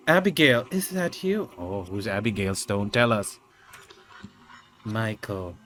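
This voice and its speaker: A man giving casual let's-play commentary, excitable and quick to swear and laugh at what happens. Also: lowish voice. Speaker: gamer. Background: game music.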